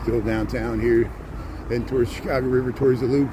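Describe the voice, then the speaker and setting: A man's voice: mid-range voice, flat delivery, fairly quick. A man casually chatting while walking outdoors on a cold, windy street, rambling and answering viewers as he goes. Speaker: vlogger giving a city walking tour. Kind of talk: casual walking livestream chat.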